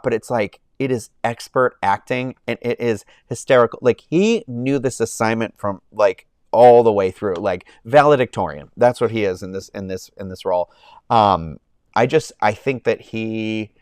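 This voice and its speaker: A man's voice: mid-range voice, clear, resonant tone, no room sound, studio quality. A young man hosting a casual movie-review livestream, rambling and gushing with lots of fillers and restarts. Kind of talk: casual chat. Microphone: own microphone, close.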